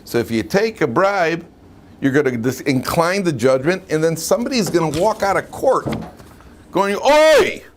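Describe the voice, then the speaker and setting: Casual rabbi teaching a class, asks the room questions, faint room noise. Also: male voice, fairly high pitch, moderate pace. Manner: lively, asks the class questions, frequent "right?". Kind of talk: informal Torah class.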